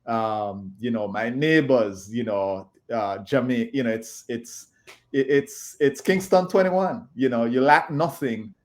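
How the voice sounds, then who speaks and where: A man in his fifties, speaking as an interview guest in a halting way with many fillers and restarts. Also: mid-range voice. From Jamaica. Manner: halting, filler-heavy speech. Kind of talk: casual interview talk.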